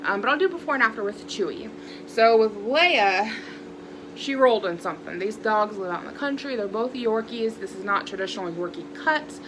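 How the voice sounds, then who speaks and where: A woman's voice: on the high side, lively intonation, moderate pace, noisy background. A young woman vlogging from her phone, venting in a frustrated, chatty way about her day. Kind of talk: casual vlog chat.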